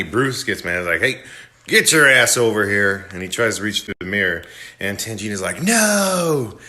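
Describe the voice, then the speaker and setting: A man retelling a movie plot in a casual, animated way as a movie reviewer. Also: on the low side. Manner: animated storytelling.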